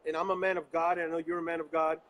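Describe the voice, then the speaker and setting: A man's voice: on the high side, little pitch movement, racing, a bit bright, a little hiss or hum, low-quality recording. A man from New York hosting a live interview show, speaking earnestly like a preacher, recorded on location instead of at his office. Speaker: host.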